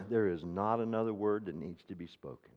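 A man preaching a sermon, asking the congregation rhetorical questions and swinging between hushed, near-whispered passages and loud, ringing declarations. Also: normal speed. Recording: reverberant hall, dull low-fidelity sound.

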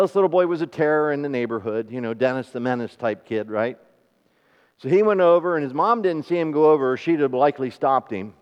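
Higher-voiced preacher in an echoing church. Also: male voice, clear, resonant tone. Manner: rising to emphatic, then drops to soft and slow; conversational, asks the congregation questions. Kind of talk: sermon. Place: church hall. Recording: dull sound with long hall reverb.

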